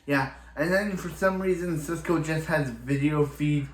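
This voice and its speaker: A man's voice: on the high side, a little slow. A man giving a casual, rambling recap of a TV episode, stringing events together with lots of repeated "so he's like" fillers. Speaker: TV show reviewer. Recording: echoey room.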